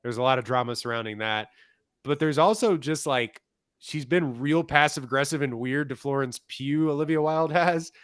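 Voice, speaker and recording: A young man co-hosting a podcast and chatting casually in a gossipy, wry way. His voice is smooth and resonant. The sound is dry and close. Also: mid-range voice, normal speed, a bit bright, dry recording. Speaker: podcast co-host. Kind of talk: casual chat.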